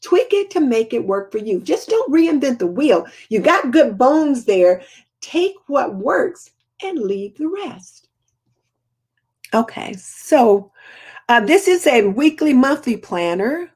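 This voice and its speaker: A woman's voice: sits high, big pitch swings, slow, darkish tone, slightly rough. Chatty older woman. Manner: chatty, folksy, answers viewer comments. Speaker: homemaking channel host. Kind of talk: casual live Q&A chat.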